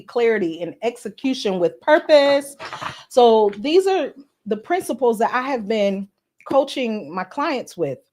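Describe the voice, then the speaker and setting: A woman podcast host chatting casually on a live stream, greeting commenters by name and speaking earnestly with some filler words. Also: medium pitch.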